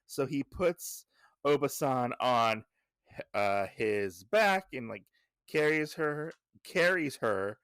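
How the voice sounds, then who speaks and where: A man's voice: medium pitch, animated, takes it slowly, a bit bright, clean tone, no echo, clean studio sound. A man hosting a podcast, casually recapping a comic issue with lots of fillers and side thoughts. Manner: rambling, filler-heavy, digressive. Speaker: podcast host.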